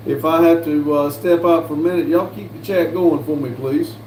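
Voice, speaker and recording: A man hosting a casual livestream, reading viewer comments aloud slowly and answering them with lots of fillers. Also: on the high side, steady tone, darkish tone. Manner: slow, drawling, reads comments aloud with fillers. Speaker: livestream host reading chat. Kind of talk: casual live chat. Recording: echoey room with faint background noise.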